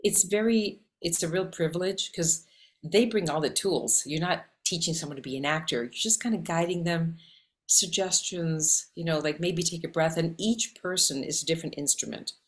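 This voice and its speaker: A woman from Canada with a Canadian accent, an actress and acting coach talking animatedly in an interview, often rattling off lists. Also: low voice. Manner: animated, talks in quick lists. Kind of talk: casual interview conversation.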